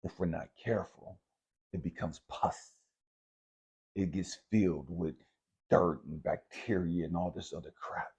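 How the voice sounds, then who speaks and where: Deep-voiced man, candid and profane. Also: steady tone, a little slow, long pauses, a little mellow, breathy edge, lo-fi sound. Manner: candid, profane and confessional, addresses viewers directly. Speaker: spiritual vlogger. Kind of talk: casual spiritual monologue.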